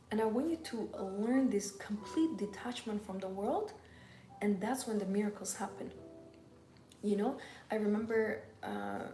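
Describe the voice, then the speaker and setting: A woman's voice: medium pitch, mellow. A woman giving a live-stream coaching talk in an intimate way, often dropping to a whisper. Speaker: femininity coach. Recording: roomy with background music.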